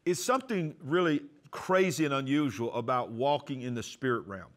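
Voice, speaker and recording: A man pastor giving a testimony sermon, storytelling and acting out the dialogue, going soft and quiet for prayers. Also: medium pitch, lively intonation, normal speed. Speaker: pastor and TV host.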